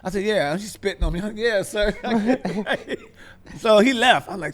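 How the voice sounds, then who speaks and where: A man's voice: high voice, moderate pace. A comedian man from the Midwest, animatedly telling comic stories as a talk-show guest and acting out other people's voices with street slang.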